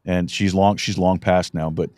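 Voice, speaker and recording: A middle-aged man hosts a relaxed podcast chat with a fairly low voice. He tells stories in a meandering way, stumbling through restarts as he goes. The studio sound is dry and close. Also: no room sound. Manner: rambling, halting storyteller with many restarts. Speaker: podcast host. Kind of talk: casual chat.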